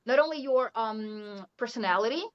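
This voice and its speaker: A Brazilian English teacher with a Brazilian Portuguese accent in her English speaks at normal speed in a high-leaning voice. She's a casual interview guest who laughs a lot and often says "you know," recorded on muffled lo-fi audio.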